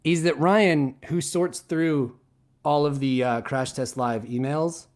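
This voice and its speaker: A man's voice: fairly high pitch, steady tone, slow, darkish tone. A young man co-hosting a live show, reading fan mail aloud and stumbling over words. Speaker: co-host. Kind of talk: casual live-show banter.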